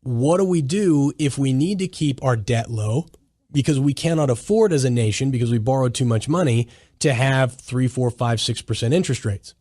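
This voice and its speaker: A man's voice: mid-range voice, normal speed, mellow, dry recording, clean studio sound. A man hosting a solo commentary podcast, talking emphatically in a lecturing way and often restarting his sentences. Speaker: podcast host.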